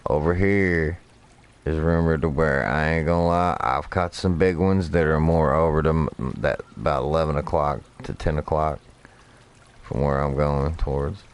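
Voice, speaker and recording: A man's voice: a bass voice, fairly even intonation, normal speed. A man streaming a fishing game, telling rambling, profane stories while he plays. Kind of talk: casual gameplay commentary.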